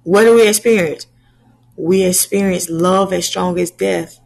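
A woman preaching a slow sermon to her channel's viewers, asking rhetorical questions and answering them. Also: fairly low pitch, steady tone, vocal fry, darkish tone, poor audio.

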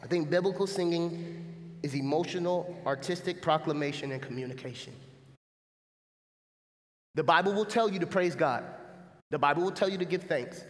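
A man preaching a lively sermon as pastor, often turning to the congregation with a quick "right?". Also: fairly high pitch, in a large hall. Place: church sanctuary. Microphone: stage mic.

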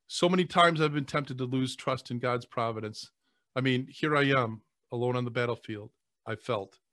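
A man, a priest, speaking earnestly on a podcast, often halting and repeating words as he chokes back tears. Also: mid-range voice, fairly bright tone, dry recording, clean studio sound. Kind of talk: emotional podcast conversation.

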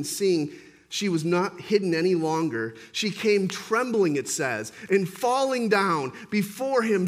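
A man preaching a sermon as pastor, swinging between forceful emphasis and quiet intensity. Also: sits high.

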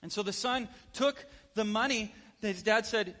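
Male preacher, high-pitched, animated storyteller, reverberant hall. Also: moderate pace. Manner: animated, asks the listeners questions. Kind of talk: storytelling sermon.

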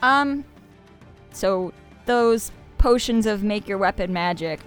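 A woman's voice: mid-range voice, animated, slow pace, soft background music. A woman player in a tabletop game, asking rules questions in a casual, playful way.

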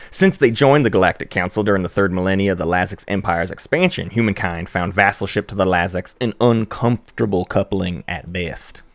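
Putting on an American Southern accent, a man voices the male spokesman of a rebel human federation, reading game lore with measured storytelling. His pitch is fairly low and his tone fairly bright, with no echo.

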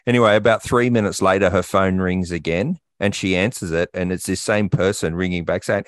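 An Australian man with a low, deep voice co-hosts a casual podcast chat. He tells stories in a loose, rambling way, full of fillers and restarts. The sound is close and dry. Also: fairly quick, hardly any pauses, no room sound. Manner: rambling storyteller, frequent fillers. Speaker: podcast co-host.

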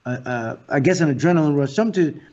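A man, a guest actor and comedian, talking in a casual interview as an animated, profane storyteller. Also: on the high side, fast talker, dull audio.

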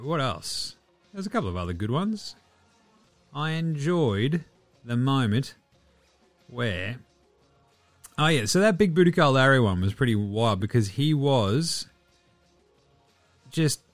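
Aussie male host, excitable sarcastic banter, animated delivery. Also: medium pitch, no echo. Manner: excitable, sarcastic, swears freely. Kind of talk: casual sports recap.

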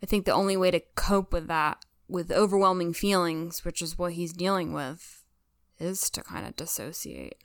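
A woman's voice: lowish voice, moderate pace, no room sound, clean studio sound. A woman co-hosting a casual podcast, earnestly and emotionally retelling scenes of a TV episode. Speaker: podcast co-host. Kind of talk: casual recap chat.

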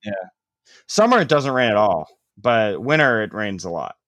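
A man's voice: on the low side, big pitch swings, moderate pace, a bit bright, no room sound. A young man telling a long story in casual chat, rambling with lots of "like" and casual swearing.

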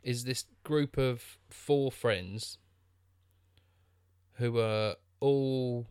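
A man's voice: mid-range voice, steady tone, very slow, a little mellow, smooth, no echo, studio quality. A man co-hosting a podcast, chatting casually about a film with many restarts and fillers. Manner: rambling, lots of restarts and fillers. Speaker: podcast co-host.

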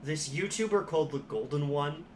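A man's voice: a little high, moderate pace, slight background noise. A man co-hosting a casual comedy podcast, joking and swearing with mock solemnity. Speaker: podcast co-host.

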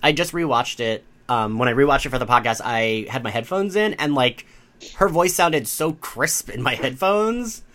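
A man's voice: medium pitch, animated, moderate pace, bright, forceful tone. A man co-hosting a podcast in casual chat, working through his ideas earnestly with many "like"s and "um"s. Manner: earnest, rambling with "like" and "um". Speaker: podcast co-host.

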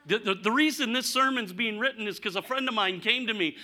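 A man preaching a conversational sermon, candid and humorous, asking rhetorical questions and swinging from punchy lines to near-quiet asides. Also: high voice, brisk. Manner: animated, rhetorical questions, sudden drops to quiet; candid, self-deprecating humor. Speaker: pastor.

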